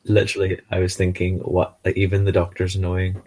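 Deep-voiced man in casual chat. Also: completely flat delivery, brisk, darkish tone, husky. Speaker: podcast co-host. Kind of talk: casual chat reviewing an episode.

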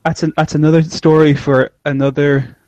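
A man's voice: fairly high pitch, level tone, normal speed, a little mellow, no echo, lo-fi sound. A man co-hosting a casual chat, rambling and often trailing off mid-thought. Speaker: podcast co-host. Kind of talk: casual chat reviewing an episode.

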